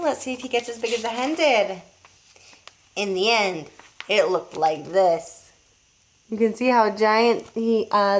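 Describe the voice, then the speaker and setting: A teacher reading a children's book aloud to young pupils, pausing to show the pictures. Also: female voice, medium pitch. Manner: expressive, showing pictures as she reads.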